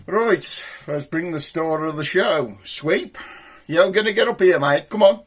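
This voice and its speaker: Comic host: Black Country man, husky, a touch high, cheeky rambling patter. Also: a little slow. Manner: broad, cheeky, rambling banter. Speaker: puppet show host. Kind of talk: comic chat with a puppet.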